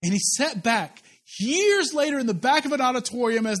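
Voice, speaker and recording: High-voiced pastor preaching a sermon. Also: male voice, expressive, moderate pace, hardly any pauses, a bit bright. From Kansas, USA. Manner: conversational, humorous asides and repeated rhetorical questions. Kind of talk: sermon with personal storytelling. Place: church service.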